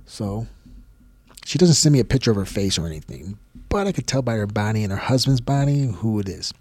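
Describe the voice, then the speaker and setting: A man's voice: on the low side, sing-song, brisk, darkish tone, husky, dry recording. A man hosting a podcast, telling a personal story in a blunt, profane, casual way. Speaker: podcast host.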